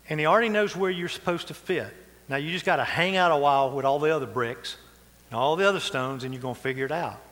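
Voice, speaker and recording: A pastor delivers a sermon in a folksy, conversational way, slipping in asides. His voice sits a bit high for a man. The sound carries the long reverb of a church hall. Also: fairly bright tone. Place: church sanctuary.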